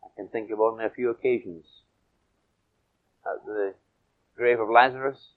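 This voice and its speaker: A man preaching a sermon, swinging from loud emphatic peaks to soft low asides and stretching key phrases. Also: steady tone, normal speed, pauses often, poor audio.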